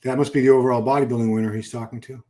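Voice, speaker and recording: Middle-aged male streamer, relaxed off-the-cuff commentary, reacts to chat as he goes. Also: mid-range voice, racing. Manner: chatty, thinks aloud, reacts to chat. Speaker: livestream host. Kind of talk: casual live-stream commentary. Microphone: computer mic for live stream.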